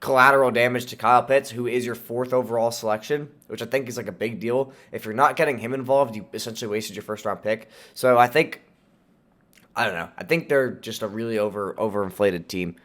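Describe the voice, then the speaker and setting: Speaking briskly, a young sports podcast host rambles through casual commentary, strongly opinionated and prone to fillers and restarts. His voice is mid-range and fairly bright, turned nasal and a little lispy by a sore throat.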